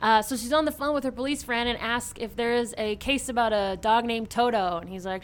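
A woman's voice: fairly high pitch, clean tone. Chatty woman retelling a comic. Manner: animated, puts on quick character voices; chatty, lots of fillers and restarts. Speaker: podcast co-host recapping a comic. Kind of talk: casual chat.

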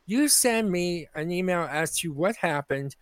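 Podcast co-host, man, high voice, animated and indignant storytelling, dry close mic. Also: measured pace, clear, resonant tone, no room sound. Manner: animated storytelling, indignant, acts out quoted people. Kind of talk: casual comedic chat.

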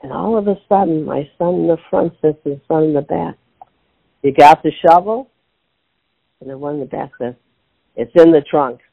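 Older woman guest, gravelly, phone-line sound, animated storyteller. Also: low voice, a little fast. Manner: animated storyteller acting out her own quotes. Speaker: author and interview guest.

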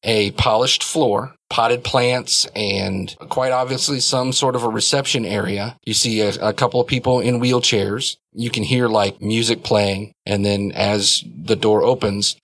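A man's voice: lowish voice, steady tone, unhurried, creaky, hardly any pauses, fairly bright tone. A man narrating a tabletop game as game master, describing scenes loosely with many fillers.

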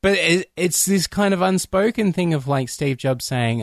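A man co-hosting a film podcast, enthusiastic, often acting out lines in a lowered voice. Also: animated, moderate pace, dry recording, clean studio sound. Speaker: podcast co-host. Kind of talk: casual film discussion.

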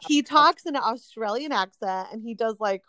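A woman's voice: fairly high pitch, expressive, moderate pace, fairly bright tone, dry recording. A middle-aged woman chatting casually as a podcast co-host, often trailing off and restarting. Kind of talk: casual chat recommending podcasts.

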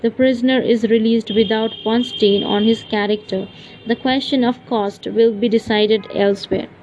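A woman's voice: fairly high pitch, fairly even intonation, moderate pace, darkish tone, slight background noise, natural voice, poor audio. A woman voicing a stern male magistrate, speaking formally and with command. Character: stern male magistrate presiding over a court.

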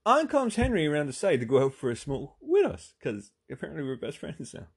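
A man's voice: fairly high pitch, wildly swooping pitch, a little fast, slightly rough. A man telling a long casual anecdote, rambling and swearing with lots of fillers. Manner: rambling, profane, full of fillers. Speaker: storyteller.

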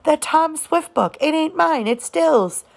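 A worried, curious little girl from a storybook, put on by a woman reading aloud. The voice sits well above the reader's own, with a slight creak underneath and folksy Southern phrasing. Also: high-pitched, lively intonation, slow, voice pushed up, heavily acted.

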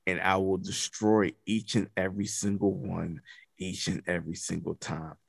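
A man doing a slow, deep-voiced ancient god. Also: flat delivery, creaky, no room sound, clean studio sound. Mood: ominous. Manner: slow, low, solemn proclamations. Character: ancient all-powerful male deity, menacing and vast.

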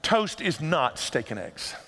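A man's voice: on the high side, sing-song, takes it slowly, pushed and bright, long reverb tail. A middle-aged male pastor delivering a sermon in a conversational, humorous storytelling manner.

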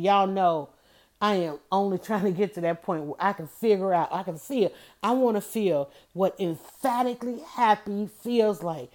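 A woman's voice: on the high side, darkish tone. A middle-aged woman talking in a casual, rambling monologue, emphatic and full of restarts and self-corrections.

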